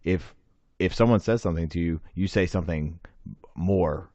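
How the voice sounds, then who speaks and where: Man, deep voice, measured, podcast chat, dry room, lo-fi sound. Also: dark tone, dry recording. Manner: measured, reasoning aloud with restarts. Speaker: podcast co-host. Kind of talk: casual chat.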